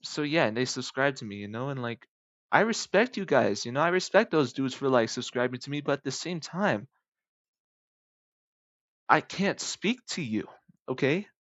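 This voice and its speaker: A young man talking straight to his viewers in a loose, rambling way, now and then breaking into shrill voices for the people he imagines. His mid-range voice sounds close and dry, and the recording is a bit dull and lo-fi. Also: expressive, moderate pace, a bit bright, no echo. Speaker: YouTuber. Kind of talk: rambling casual monologue.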